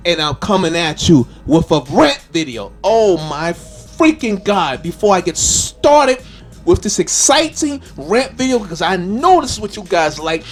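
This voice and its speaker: A man hosting a gaming channel, ranting with loud, exasperated questions and frequent cursing. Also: high voice, big pitch swings, measured pace, soft background music. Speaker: gaming YouTuber. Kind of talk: animated rant video.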